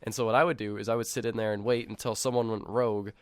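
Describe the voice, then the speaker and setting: Fast-talking low-voiced man. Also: fairly even intonation, clear, resonant tone, no room sound. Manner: rambling, fast, acts out other players' voices. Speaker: podcast co-host. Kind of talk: casual chat over an online call.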